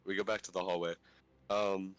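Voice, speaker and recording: Deep voiced young dude playing a tabletop game, rambly and chill, super dry close sound. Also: male voice, normal speed, no room sound. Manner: relaxed, rambling, with fillers and laughs. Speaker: player. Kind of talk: casual chat during a tabletop game.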